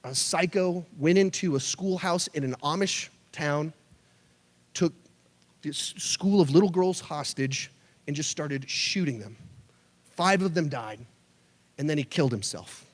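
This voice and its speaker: A man's voice: a little high, unhurried, pauses often. A man in his thirties preaching a sermon to students, telling stories with jokey asides. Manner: animated storyteller, jokey asides. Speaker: youth pastor. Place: church hall. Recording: long hall reverb.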